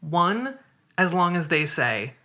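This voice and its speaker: A woman's voice: on the low side, big pitch swings, slow, sharp tone. A woman guest on a podcast interview, explaining her views thoughtfully and step by step. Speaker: guest writer and activist.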